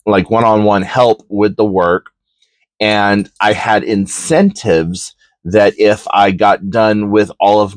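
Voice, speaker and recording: A man's voice: low voice, dry recording. A man hosting a podcast, telling a personal story in a candid, reflective way with frequent ums and likes. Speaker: podcast host.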